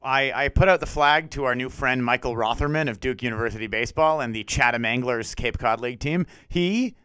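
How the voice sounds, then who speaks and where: A man's voice: medium pitch, brisk, clean tone, no room sound. A man co-hosting a podcast in a studio, chatting casually and jokingly, slipping into mock radio-announcer bits. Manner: jokey, animated, slips into goofy radio-announcer voices. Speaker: podcast co-host. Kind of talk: casual chat.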